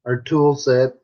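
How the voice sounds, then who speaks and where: A man's voice: mid-range voice, warm tone, highs cut off. A middle-aged American man chatting casually on a live stream, joking and reading viewer comments aloud. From United States.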